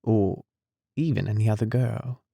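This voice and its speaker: A man voicing a tender, devoted young nurse in an audiobook, soft and coaxing. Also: lowish voice, normal speed, gravelly, breathy edge, no room sound, studio quality. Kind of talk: audiobook character reading.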